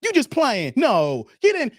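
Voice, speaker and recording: A scoffing, disbelieving woman, played by a man, who waves the claim away. The pitch swings freely, and the recording is close and dry. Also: wildly swooping pitch, a little slow, dry recording, exaggerated voice. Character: disbelieving young woman on the phone.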